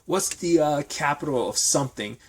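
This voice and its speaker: A man's voice: fairly high pitch, lively intonation, moderate pace, husky. A man putting on Bette, a breezy unhinged woman. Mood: mocking. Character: unhinged yet sweet woman, sarcastic and casually violent.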